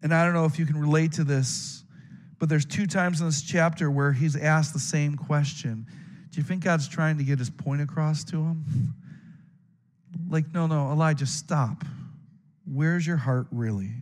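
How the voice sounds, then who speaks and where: Higher-voiced man preaching a sermon. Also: steady tone, moderate pace, in a large hall. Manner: earnest preaching to students and adults, frequent stammered restarts. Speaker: pastor.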